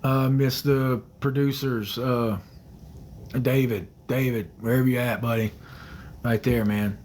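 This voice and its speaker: Soft-spoken man chatting on a livestream. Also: mid-range voice, steady tone, unhurried, a little hiss or hum, rough recording. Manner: soft-spoken, hesitant, many fillers, drops to quiet murmurs. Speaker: livestream host answering viewer comments. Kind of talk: casual livestream chat. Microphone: phone livestream.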